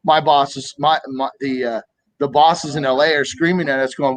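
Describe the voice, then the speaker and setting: Animated storytelling man, dry sound. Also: mid-range voice, normal speed, no room sound, poor audio. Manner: animated storyteller, acts out quoted voices. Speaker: co-host of a political talk stream. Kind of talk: casual political chat with anecdotes.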